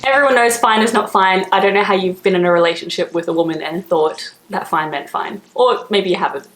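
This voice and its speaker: A young Australian woman chatting casually to camera as a vlogger, laughing often and filling pauses with "like". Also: medium pitch, fairly bright tone, reverberant.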